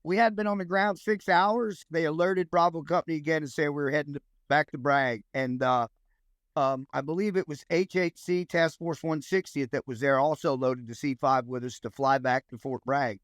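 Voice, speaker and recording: A man in his fifties with a drawl rambles through his story as an interview guest. His voice sits a bit high for a man, and he keeps restarting lines and slipping into quoted dialogue. The recording is close and dry, with no room sound. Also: steady tone, normal speed, dry recording. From United States. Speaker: guest, former Army Ranger.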